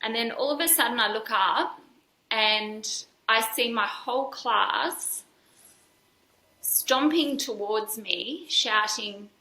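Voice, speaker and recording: Woman, podcast guest, bright and slightly high, candid personal story, roomy echo. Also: slow pace. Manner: candid, earnest, with frequent fillers and restarts. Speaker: podcast guest, dance school founder.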